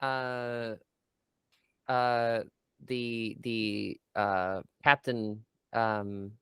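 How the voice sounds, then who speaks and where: A male player at a tabletop game talks slowly and haltingly, with plenty of fillers. His voice is smooth and clear. The sound is close and dry. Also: mid-range voice, flat delivery, sharp tone, no echo. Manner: hesitant, with many fillers.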